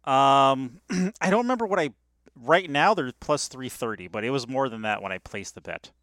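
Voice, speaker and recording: A man with a smooth, clear voice talks through his bets with lots of ums and pauses. His voice sits at a middle pitch and sounds close and dry. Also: lively intonation, dry recording. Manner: hesitant, many fillers, laughs softly. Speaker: podcast co-host. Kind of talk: casual sports betting chat.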